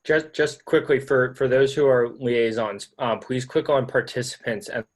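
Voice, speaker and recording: A man's voice: medium pitch, moderate pace. A man in a student meeting giving brief, practical instructions over a video call.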